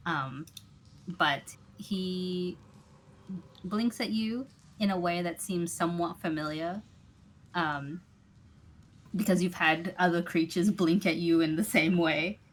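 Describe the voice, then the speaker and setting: Low-voiced unhurried woman game master. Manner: relaxed, hesitant narration with many fillers. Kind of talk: narrating a tabletop game.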